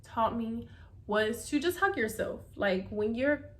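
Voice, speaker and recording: A woman's voice: fairly high pitch, animated, slow. A young woman vlogger talking casually and candidly to camera, with lots of "like" and "um" fillers. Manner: chatty, frequent "like" and "um" fillers; candid and encouraging.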